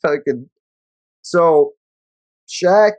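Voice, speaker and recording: A man's voice: on the high side, lively intonation, drawn-out words, dry recording. A man co-hosting a sports podcast, joking and swearing casually, reading out news articles. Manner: joking, profane, reads articles aloud. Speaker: podcast co-host.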